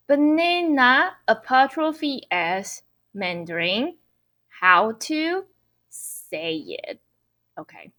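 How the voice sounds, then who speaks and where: A woman teaching an online Mandarin lesson, who explains cheerfully and repeats phrases slowly. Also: high voice, big pitch swings, bright, forceful tone. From Taiwan.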